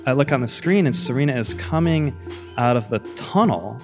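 A man's voice: mid-range voice, expressive, moderate pace, music in the background. A man, a guest, eagerly telling a story in a casual style. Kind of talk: casual anecdote.

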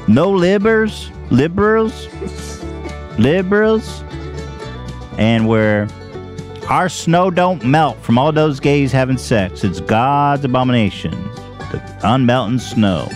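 A man's voice: medium pitch, lively intonation, slow, soft background music. A man voicing a folksy male televangelist preacher with a put-on drawl and a hollering, sing-song delivery. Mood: gleeful.

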